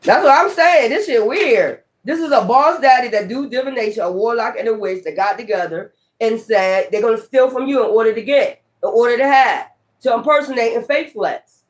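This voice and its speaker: A woman's voice: fairly high pitch, normal speed. A woman giving a tarot reading in a blunt, profane, emphatic way. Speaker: tarot reader.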